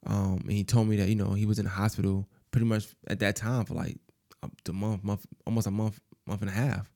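Gravelly low-voiced man telling a story. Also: steady tone, quick pace, dark tone, no echo, clean studio sound. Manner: rambling, repeats phrases with lots of fillers. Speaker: podcast host. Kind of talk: casual storytelling.

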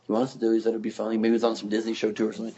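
Man, gravelly, comedy podcast host, casual storytelling, mock-indignant, muffled lo-fi sound. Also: lowish voice, monotone, rapid-fire, mellow, a little hiss or hum.

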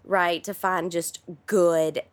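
A woman with a Southern US accent co-hosting a casual chat show, chatty and animated, with trailing fillers. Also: lowish voice, slow, clear, resonant tone. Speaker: co-host.

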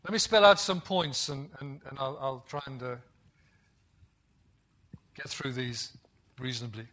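A man's voice: on the high side, expressive, moderate pace, long pauses, a bit bright. A middle-aged man from the West Midlands of England, preaching a sermon with emphasis, repeating key phrases and asking the congregation questions.

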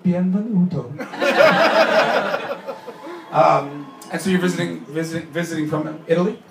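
A man doing stand-up comedy, bantering with the crowd in a loud, sweary way. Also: a little high, fairly even intonation, brisk, creaky. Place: live comedy venue with audience. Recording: roomy, distant mic with background noise.

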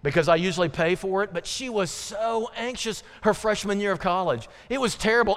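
High-voiced preacher in a reverberant hall. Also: male voice, a little fast, few pauses. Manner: animated preaching with dramatic drops to quiet, earnest lines. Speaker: pastor. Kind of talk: sermon. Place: church sanctuary. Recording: church hall with long reverb.

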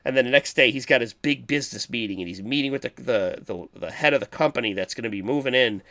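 A man co-hosting a podcast in casual chat, rambling and animated as he retells movie scenes. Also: medium pitch, quick pace. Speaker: podcast co-host.

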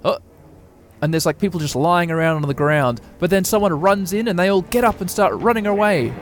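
A man giving rambling, excitable live reaction commentary with lots of fillers. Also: high voice, brisk. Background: opera music.

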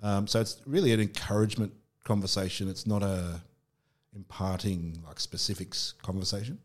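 A man's voice: fairly low pitch, fairly even intonation, normal speed. A middle-aged Australian man telling personal stories candidly in casual conversation, with frequent restarts. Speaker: podcast guest.

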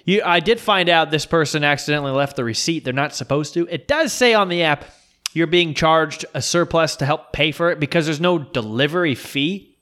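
A man hosting a podcast in casual chat, relaxed and steering between topics. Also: on the high side, a little fast.

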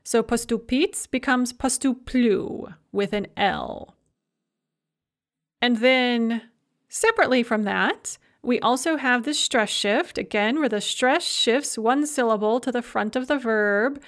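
A woman teaching a language grammar lesson, explaining verb forms in a clear, methodical way and slowing down to spell out each form. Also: fairly high pitch, fairly bright tone. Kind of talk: recorded grammar lecture.

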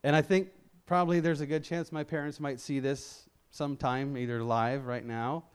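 Here a lay preacher, a middle-aged man from Memphis, Tennessee, gives a sermon at normal speed. His voice is medium in pitch, steady, and clean, and he has no regional accent. He comes across as conversational and self-deprecating, often starting sentences over.

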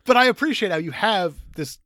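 A man co-hosts a podcast and gushes about favorite film moments, often breaking into laughter. His pitch swings widely and his tone is bright. He is recorded close and dry. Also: expressive, a little fast, no room sound. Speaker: podcast co-host. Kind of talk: casual chat about a film.

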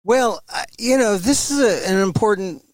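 An emphatic man talks as an interview guest over a remote link, his pitch leaping around with animation. He restarts phrases often as he pushes his points. The sound is close and dry. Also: animated, normal speed, no room sound. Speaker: guest commentator.

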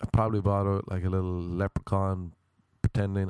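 A young man with an Irish accent rants sardonically and swears freely in a loose podcast monologue. His voice sits fairly low and sounds close and dry, with almost no room around it. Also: level tone, fairly quick, darkish tone, clear, resonant tone, no echo. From Ireland. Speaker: podcast host. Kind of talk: casual comedic monologue.

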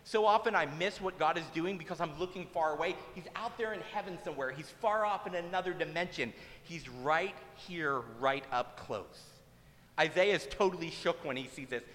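A man's voice: a little high, a bit bright. Humorous male pastor in an echoing hall. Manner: conversational, humorous. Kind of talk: sermon. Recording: long hall reverb.

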